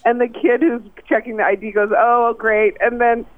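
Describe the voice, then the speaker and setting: A woman's voice: fairly high pitch, steady tone, brisk, no echo. A woman in her sixties, a guest calling in by phone, telling a story casually and laughing often. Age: 60s. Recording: slightly dull phone line.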